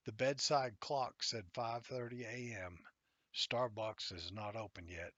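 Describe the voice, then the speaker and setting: A man reads his own fantasy novel in the first person, with a bright, forward tone and a wry, chatty delivery. He slips into soft half-whispered asides now and then. The recording is close, dry and a little muffled. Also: medium pitch, steady tone, a little slow, no echo.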